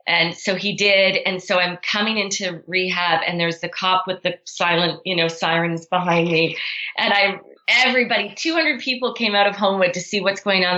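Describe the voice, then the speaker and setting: Bright-voiced woman telling her story. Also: on the low side, highs cut off. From Canada. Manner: earnest, many "you know" and "right?" asides. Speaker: podcast guest. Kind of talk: candid storytelling interview.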